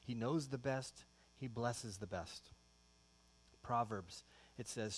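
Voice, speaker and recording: A male pastor preaching a sermon, shifting into animated storytelling and acting out everyday exchanges with his kids. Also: on the low side, slow pace. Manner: animated storytelling, acts out his kids' voices.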